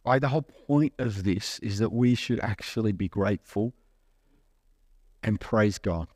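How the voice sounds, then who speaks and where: A man's voice: on the low side, a little slow, darkish tone, no room sound, clean studio sound. A man preaching a sermon in a conversational way, asking the listeners questions and acting out little asides. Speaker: pastor.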